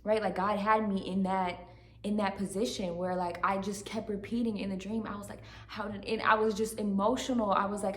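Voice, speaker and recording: A woman's voice: mid-range voice, little pitch movement, a little fast, slight background noise. A woman speaks earnestly to her camera, recounting a personal spiritual turning point. She keeps checking in with "right?" and "like" as she goes. Her mid-range voice rings with a noticeable room echo. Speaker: channel host giving testimony. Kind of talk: emotional personal testimony to camera. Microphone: camera facing her. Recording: echoey room.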